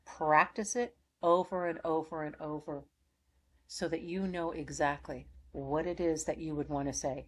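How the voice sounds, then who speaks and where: A middle-aged woman closing an oracle card reading from home, speaking in gentle, affirming, repetitive blessings. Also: deep voice, steady tone, moderate pace, slight background noise. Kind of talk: spiritual channel closing talk.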